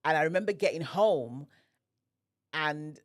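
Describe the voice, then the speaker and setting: On a podcast, a woman recounts something from her own life in a low voice, going a little slowly. She brings the story alive by acting out what was said.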